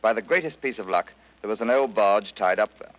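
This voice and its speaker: A man, a former prisoner of war, giving a measured, scripted first-person account for radio. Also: on the low side, lively intonation, a bit bright. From Britain. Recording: dull archival radio recording.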